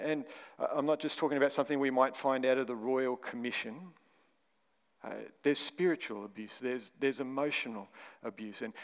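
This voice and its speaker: Male pastor, mid-pitched, emphatic sermon delivery, hall reverb. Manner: emphatic, stresses single words, rhetorical questions.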